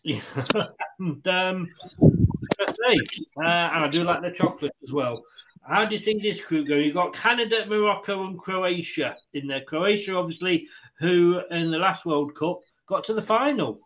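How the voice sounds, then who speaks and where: A man's voice: sits high, lively intonation, moderate pace, fairly bright tone, slight background noise, rough recording. A man hosting a casual football prediction chat, joking, laughing often and reading out listener picks. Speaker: podcast host.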